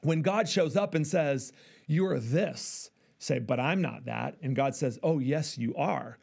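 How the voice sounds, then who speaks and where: Pastor guy preaching, kinda high voice, acts out little dialogues. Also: slow, vocal fry, husky. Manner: animated, acts out dialogue with God. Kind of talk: sermon.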